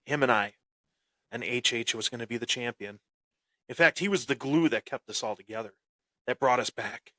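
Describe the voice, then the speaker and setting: A man's voice: mid-range voice, normal speed, bright, forceful tone, no echo. A man hosting a wrestling podcast, telling a boastful, taunting story in his wrestling persona. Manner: swaggering, taunting, dramatic. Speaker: podcast host.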